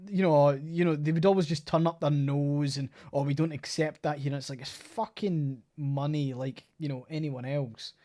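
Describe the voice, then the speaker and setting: Chatty Scottish man, slightly high voice. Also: fairly even intonation, moderate pace, hardly any pauses, warm tone. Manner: rambling, swears casually, lots of "like". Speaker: podcast co-host. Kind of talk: casual podcast chat.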